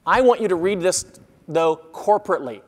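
A man preaching an expository sermon as pastor, earnest, growing loud when reading scripture and quiet on asides. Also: high voice, lively intonation, fairly quick, in a large hall.

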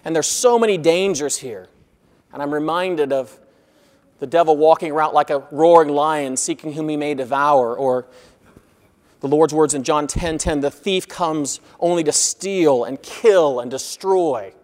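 A man preaching an expository sermon as pastor, earnest, growing loud when reading scripture and quiet on asides. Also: a little high, unhurried, big-room sound.

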